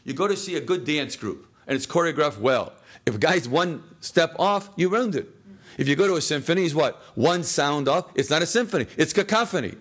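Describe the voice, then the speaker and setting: A man leading a classroom text study in a slightly higher voice. He fires questions at the students and often answers them himself, dropping in little jokes and chuckles as he goes. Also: animated, a little fast, a bit bright, slightly rough. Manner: jokey, chuckles at his own lines. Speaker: teacher.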